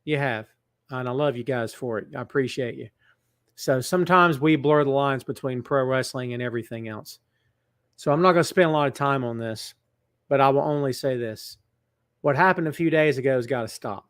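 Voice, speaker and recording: A man's voice: mid-range voice, brisk, a bit bright, dry recording, studio quality. A middle-aged man hosting a wrestling show from a large building, chatting casually with viewers and greeting them by name. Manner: earnest, somber when turning serious. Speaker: wrestling podcast host. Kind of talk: casual live-stream chat. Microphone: webcam setup.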